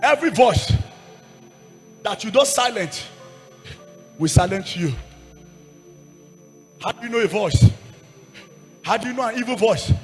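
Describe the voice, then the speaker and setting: A Nigerian man preaching a sermon to a congregation in Nigerian English, shouting repeated lines and calling for responses. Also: high-pitched, big-room sound. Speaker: evangelist preacher. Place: church service with congregation.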